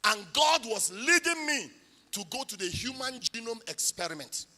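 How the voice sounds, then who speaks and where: A man's voice: extremely high pitch, normal speed. Man, Nigerian accent, preacher, sermon testimony, piercing tone, echoing church hall. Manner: animated storytelling, rising to shouts. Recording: long hall reverb.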